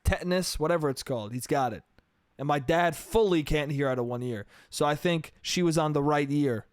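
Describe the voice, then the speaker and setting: A man's voice: a little high, a little fast, no room sound, clean studio sound. A young adult man hosting a solo podcast, telling a story in a profane, exasperated rant with mocking asides. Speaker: podcast host.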